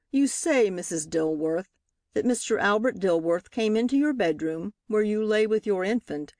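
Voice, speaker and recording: A woman reading a novel aloud as scripted narration, lifting her pitch for the characters' lines. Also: darkish tone, no echo, studio quality. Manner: reads dialogue with lifted pitch for characters. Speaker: audiobook reader.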